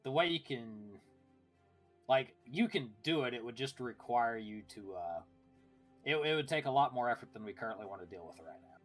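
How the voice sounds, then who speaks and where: A man's voice: medium pitch, lively intonation, normal speed, faint music behind. A man playing a tabletop game, chatting loosely and joking, with casual swearing. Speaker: player.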